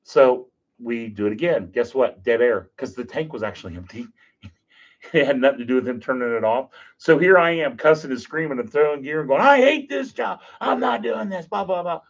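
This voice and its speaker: A man trades stories on a podcast, his middle-pitched voice lively and full of jokes, slipping into the voices of people he quotes. The audio sounds a bit dull and lo-fi. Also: brisk. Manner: animated, jokey, acts out quotes. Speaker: podcast guest. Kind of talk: casual storytelling.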